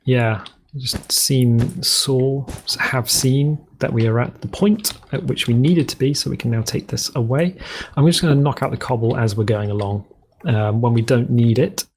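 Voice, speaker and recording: A man's voice: mid-range voice, moderate pace, slight background noise. A man with a rambling, jokey, self-correcting manner, giving casual commentary as he plays a game. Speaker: let's play host.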